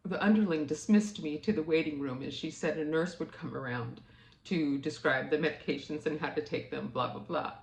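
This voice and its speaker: A woman with a low voice recounts a personal story in an earnest, emotional way. Her voice climbs higher as she gets upset. The room around her gives a noticeable echo. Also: a little hiss or hum. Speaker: vlogger.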